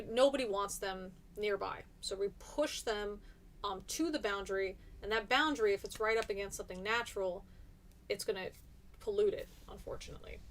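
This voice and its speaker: A woman's voice: medium pitch, a bit bright, a little hiss or hum. A woman teaching a live-streamed class, chatty and encouraging as she reads out and answers her students' comments.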